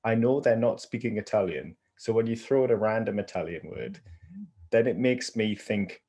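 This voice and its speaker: A man co-hosting a film review podcast, explaining his points in a measured, casual way. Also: lowish voice, mellow, husky. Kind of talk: casual chat.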